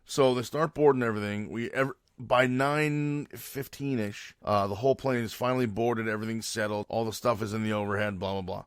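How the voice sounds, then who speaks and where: A man's voice: on the low side, fairly even intonation, fairly quick, hardly any pauses, clean tone, dry recording, clean studio sound. A man hosting his own podcast, telling a long story in a loose, rambling way and correcting himself as he goes. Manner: rambling, loose, lots of fillers and self-corrections. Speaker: podcast host. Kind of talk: casual storytelling monologue.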